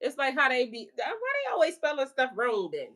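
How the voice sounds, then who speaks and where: A woman with a slightly high voice chats with her livestream viewers, loose and playful. She talks in a relaxed, slangy way and breaks into laughter often as she answers comments. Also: moderate pace. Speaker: spiritual life coach and channel host. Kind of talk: casual livestream chat with viewers.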